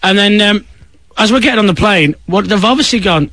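Animated man telling a funny story. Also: sits high, brisk, no room sound. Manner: animated, acts out voices of others. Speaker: radio presenter. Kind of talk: comic storytelling on radio.

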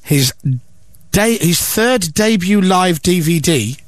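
A man's voice: high voice, slow pace, dry recording. A man hosting a radio show, bantering and teasing his guest. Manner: teasing, jokey, lively.

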